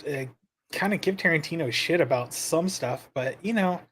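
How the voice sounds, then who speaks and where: A man co-hosting a comedy podcast, with a voice pitched a little high. He trades casual banter in a relaxed but opinionated way. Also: moderate pace, husky. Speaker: co-host.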